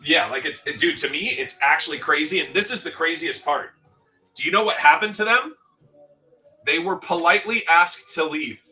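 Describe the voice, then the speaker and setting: Reading out comments on his casual livestream, a man rambles and swears in a fairly high, bright, forceful voice at a moderate pace. Faint music plays behind him and the mic sits at a distance.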